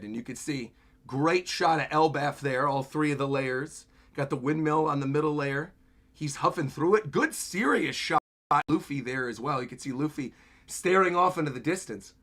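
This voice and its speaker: A man's voice: fairly high pitch, lively intonation, moderate pace, fairly bright tone. A man giving casual, upbeat reaction commentary on a livestream, chuckling as he walks through each panel. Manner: upbeat, chuckles often while describing panels. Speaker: streamer reacting to a comic chapter.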